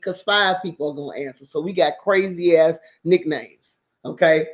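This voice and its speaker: A woman's voice: low-pitched, normal speed, few pauses. Profane, laughing woman telling stories. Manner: profane, animated, laughs often. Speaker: channel host. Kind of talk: casual storytelling.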